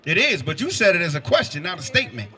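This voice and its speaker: A man's voice: sits high, very animated, quick pace. A man preaching on a city street, firing pointed questions at passersby. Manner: forceful, quizzes listeners with pointed questions.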